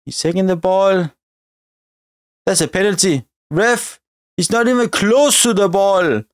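A man's voice: high voice, a little slow, dry recording, studio quality. A man giving live, chatty commentary over a football video game as a gaming video creator, grumbling at the referee and his players.

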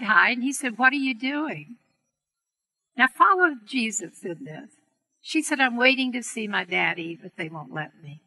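A middle-aged woman teaching on healing prayer, telling a story gently and earnestly to an audience. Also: medium pitch, slightly rough, low-quality recording. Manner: gentle, earnest storytelling with soft quoted voices. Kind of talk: storytelling talk to a seminar audience.

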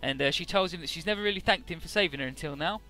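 A man's voice: on the high side, very fast, pushed and bright, soft background music. A man casually recapping a game's story, chatty, with many filler words and the odd swear. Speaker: let's play narrator.

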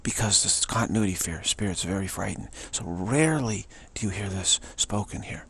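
A man giving a spiritual teaching monologue in a halting, searching way, restarting often, his voice fading toward a whisper. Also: on the low side, vocal fry, fairly bright tone, slight background noise.

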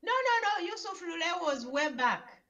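A woman co-hosting a casual political discussion, quick to interject and correct the host. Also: very high voice, sing-song, bright, forceful tone, lo-fi sound.

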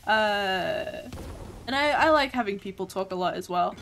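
A woman's voice: mid-range voice, moderate pace, slight background noise. A woman with an Australian accent streaming a game, commenting casually, swearing often and breaking into sudden yelps and laughs. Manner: excitable, swears a lot, bursts into yelps and laughs.

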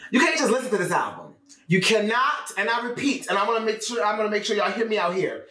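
Animated man reacting to an album. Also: sits high, fast. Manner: animated, exclaiming, addressing viewers as y'all. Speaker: music reaction host. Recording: roomy, slightly distant mic with music.

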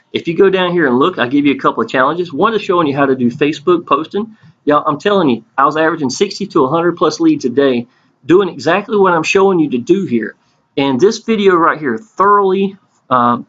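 A man, giving an earnest, folksy sales pitch and calling out to his viewers again and again. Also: a bit bright. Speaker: network marketing promoter. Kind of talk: casual sales pitch over a screen tour. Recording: dull lo-fi recording.

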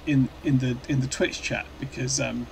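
A man's voice: mid-range voice, steady tone, normal speed, gravelly, slight background noise, low-quality recording. Chatty man streaming a game. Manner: rambling and good-humoured, answering chat with many restarts. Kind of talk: live-stream chat while playing a truck game.

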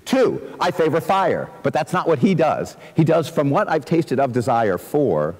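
A man, a composer, giving a lively lecture to students, reciting verse and scatting rhythms to show musical patterns. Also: fairly high pitch, moderate pace. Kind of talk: lively lecture with sung and spoken musical demonstrations. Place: large lecture hall. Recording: long reverb of a large lecture hall.

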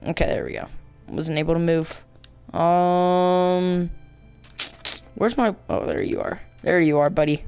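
Slow, rambling young-sounding gamer guy. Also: fairly high pitch, steady tone, gravelly, darkish tone, soft background music. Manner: rambling, playful, self-mocking chatter with silly sound effects. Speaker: gaming channel host. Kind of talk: let's-play game commentary.

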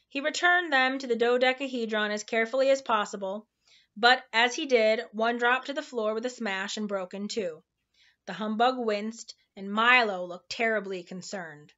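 A woman reading a children's novel aloud in a relaxed, informal way, tripping over hard words now and then. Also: medium pitch, normal speed, muffled recording. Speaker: storybook reader.

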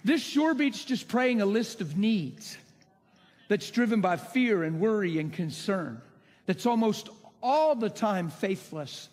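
A man's voice: sits high, animated, slow, a little mellow. A man preaching a sermon with emphatic, impassioned delivery and rhetorical questions. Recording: long hall reverb.

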